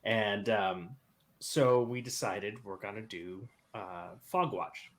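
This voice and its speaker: A man's voice: lowish voice, slow pace. A man casually telling a workplace story on a podcast, laughing as he goes. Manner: animated, laughing through his own story. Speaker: podcast panelist.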